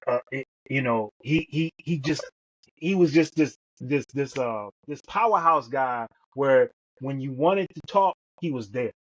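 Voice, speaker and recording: A man's voice: mid-range voice, a little slow. A middle-aged man co-hosting a podcast, telling stories emphatically and repeating words as he goes. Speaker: podcast co-host. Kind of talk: storytelling in conversation. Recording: dull lo-fi sound.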